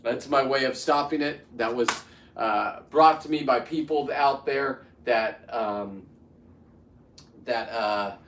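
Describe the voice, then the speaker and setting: A man's voice: medium pitch, slow pace, reverberant, distant mic, background noise. A man in his fifties talking casually to camera while he works, rambling with many restarts and getting worked up as he goes. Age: 50s. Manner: rambling, restarts, heats up into ranting. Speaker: vlogger.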